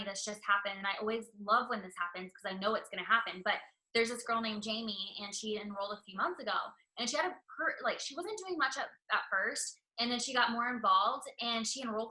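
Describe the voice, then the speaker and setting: A woman guest tells excited stories in a casual motivational chat. She talks fast and keeps calling out to her listeners. Her voice is bright and forward. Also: on the high side, low-quality recording. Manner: excited, storytelling, says "y'all" and "you guys".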